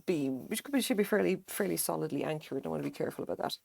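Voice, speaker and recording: Low raspy-ish woman crocheting on stream, casual swearing, mumbles her pattern notes, dry sound. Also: animated, very fast, a little mellow, no echo. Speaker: crochet livestreamer. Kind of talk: casual live-stream chat while crocheting.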